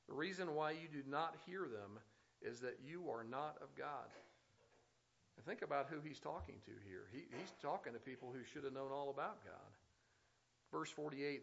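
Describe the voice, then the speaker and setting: A man's voice: medium pitch, a bit bright. A man preaching a sermon who reads scripture aloud and then comments on it with rising intensity. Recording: slightly dull, lo-fi sound.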